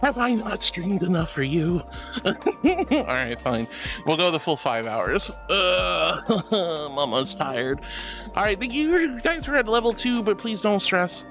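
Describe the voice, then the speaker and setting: A woman's voice: on the low side, animated, slow, a bit bright, faint music behind. A woman streaming from home, chatting casually with her viewers in a bubbly, affectionate, giggly way. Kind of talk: casual livestream chat reading comments.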